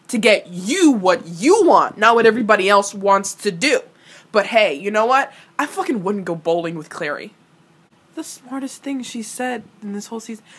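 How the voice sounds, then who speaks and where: A woman's voice: medium pitch, a bit bright, breathy edge. A young woman giving casual reaction commentary on a TV episode, ranting animatedly and swearing freely. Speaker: reaction video host.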